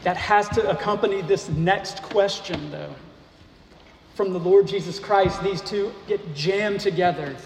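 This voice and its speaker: A man preaching a sermon, speaking slowly and deliberately and asking rhetorical questions of the congregation. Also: high voice, creaky. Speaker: pastor. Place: church sanctuary. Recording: echoey hall, faint noise.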